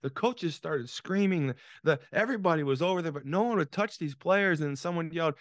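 A man's voice: on the high side, animated, brisk, a bit bright, no room sound, studio quality. A man in his sixties, a podcast guest, telling a story dramatically with many restarts and repeated words. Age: 60s. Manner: dramatic, repetitive, frequent restarts. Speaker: podcast guest, author and business coach. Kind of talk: conversational storytelling.

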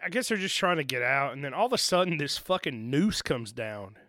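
Chill podcast guy, bright clear voice, dry close sound, lots of ums and yeahs. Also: a little high, a little fast, no echo. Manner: relaxed, agreeable, lots of fillers and affirming yeahs. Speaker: podcast co-host. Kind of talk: casual movie podcast chat.

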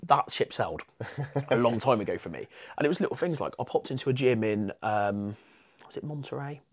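A man with an English accent telling stories in a casual podcast chat, animated and laughing through his anecdotes. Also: mid-range voice, brisk. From England.

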